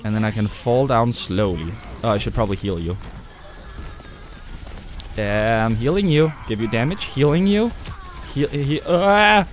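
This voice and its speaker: A young man giving excitable live gameplay commentary, with loud outbursts and swearing. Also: fairly low pitch, moderate pace, pauses often, soft background music. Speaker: gamer streamer.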